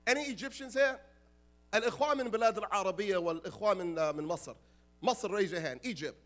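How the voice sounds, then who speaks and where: Imam guy from the US preaching, super lively and high, jokes with the crowd. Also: brisk. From United States. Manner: animated, humorous, addresses the crowd directly. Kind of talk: sermon.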